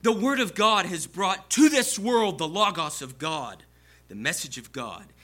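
A man's voice: high-pitched, lively intonation, measured pace, pushed and bright. A man preaching a sermon to his congregation, explaining scripture and building to emphatic peaks.

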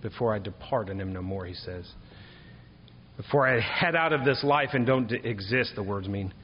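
A man preaching in a large hall, his voice carrying a long reverb. The sound is dull and slightly muffled, with a faint low rumble underneath. He moves between measured teaching and emphatic, lifted declarations. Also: expressive. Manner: rises to emphatic, higher-pitched preaching on key points. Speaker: pastor. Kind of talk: sermon.

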